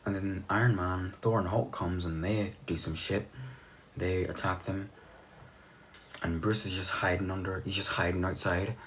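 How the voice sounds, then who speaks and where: A man's voice: low voice, steady tone, moderate pace, slight background noise. A young man giving a rambling, offhand recap of a movie's plot, swearing now and then. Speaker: movie reviewer.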